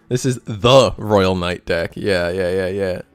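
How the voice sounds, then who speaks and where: Chatty low-voiced man calling card game. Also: clean tone. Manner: chatty, excitable, talks to chat. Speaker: store tournament host and commentator. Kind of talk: casual livestream play-by-play commentary.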